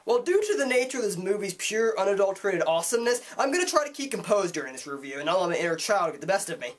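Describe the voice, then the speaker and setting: A young man reviewing a movie, excitable and gushing, with jokey asides. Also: high-pitched, rapid-fire. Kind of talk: enthusiastic online movie review.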